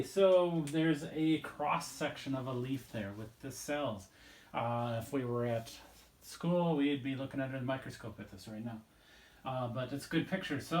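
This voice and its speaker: Guy teaching biology on video, chatty and rambly, regular pitch, kinda echoey room. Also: darkish tone. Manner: casual, rambling, drawing while explaining. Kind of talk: recorded video lesson.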